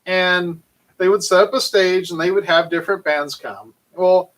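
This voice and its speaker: A man casually telling a long, animated story full of fillers and restarts. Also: sits high, moderate pace, poor audio. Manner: animated, rambling anecdote with frequent fillers. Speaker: channel host.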